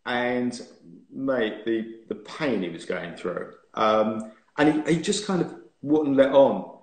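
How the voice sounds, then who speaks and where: A former racing driver in his fifties appears as a guest on a live stream, speaking slowly in a mid-range voice. He's a lively storyteller who laughs and teases during the casual chat, picked up by a phone or laptop mic in an echoey room.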